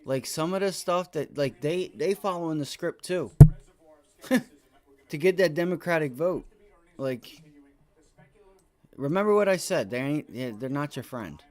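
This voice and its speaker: A livestream day trader with a voice on the high side talks at a measured pace with long pauses about his trades as they happen. His stream commentary is rambling, excitable and heavily profane.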